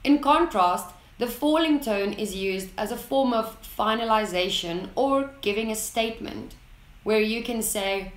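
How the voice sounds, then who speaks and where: A woman narrating an English lesson in a slow, deliberate way, reading out example sentences with clear enunciation. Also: on the high side, reverberant. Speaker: English teacher.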